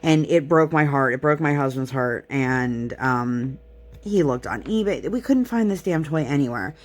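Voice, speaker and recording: A woman's voice: a bass voice, lively intonation, normal speed. Rambling, chatty young woman vlogger. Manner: rambling, self-deprecating, chatty. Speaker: crafting vlogger. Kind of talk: casual chat while crafting.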